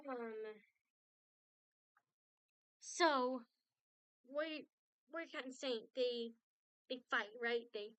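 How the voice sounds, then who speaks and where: A woman's voice: on the high side, a bit bright, clean tone, dry recording. A woman art streamer telling a long story in casual chat, rambling with many restarts and asides.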